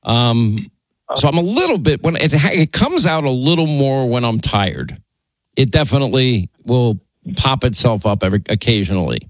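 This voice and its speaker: A man's voice: medium pitch, big pitch swings, moderate pace, no echo, low-quality recording. Guy hosting call-in radio, chatty, keeps restarting words, dry studio sound. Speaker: radio talk show host. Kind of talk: call-in radio talk and ad read.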